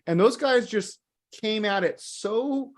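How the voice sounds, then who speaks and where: A man's voice: high-pitched, animated, slow pace, over a noisy crowd. Guy rambling thru a story, lots of likes and you knows, chill slang. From Los Angeles area. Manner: rambling, filler-heavy, laid-back slang. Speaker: guest. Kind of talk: casual storytelling chat.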